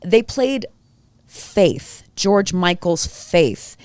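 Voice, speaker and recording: A woman co-hosting a podcast, giving strong, animated opinions in a casual film review chat. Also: lowish voice, extremely slow, clean tone, dry recording. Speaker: podcast co-host.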